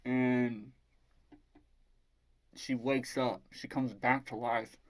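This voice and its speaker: A man's voice: medium pitch, flat delivery, drawn-out words. Guy roasting a book, rambly and casual, swears a lot. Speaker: book reviewer. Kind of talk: casual book review, plot retelling.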